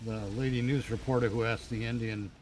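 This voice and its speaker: A man's voice: mid-range voice, level tone, a little fast. A man chatting casually while gaming online, mostly making dry, brief remarks.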